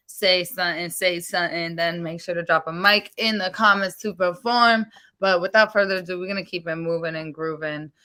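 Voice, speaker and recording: A woman's voice: lowish voice, pushed and bright. A woman co-hosting a virtual poetry open mic with a New York accent, chatting casually with fillers and frequent laughs. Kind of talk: casual live-stream hosting.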